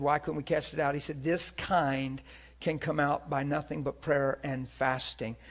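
A man preaching a sermon, moving between hushed, whispered moments and loud, impassioned stretches. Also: fairly high pitch.

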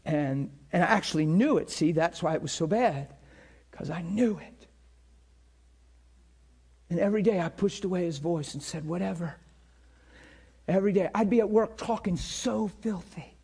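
Middle-aged male pastor, unusually high voice, fervent sermon delivery with big dynamic swings. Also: moderate pace, slightly rough. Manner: impassioned preaching that swings between hushed and shouted.

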